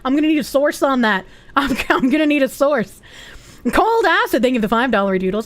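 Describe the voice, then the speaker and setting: High, lively young woman streamer. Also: a little fast. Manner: loud, giggly, swears freely, reads chat aloud. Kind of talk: casual livestream chat.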